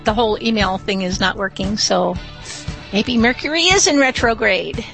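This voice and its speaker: A woman's voice: medium pitch, moderate pace, gravelly. Chatty woman co-host over music. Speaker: radio co-host.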